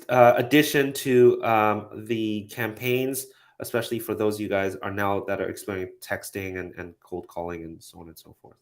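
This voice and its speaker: A man hosting a casual software product update, relaxed and full of fillers, with upbeat sign-offs. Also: medium pitch.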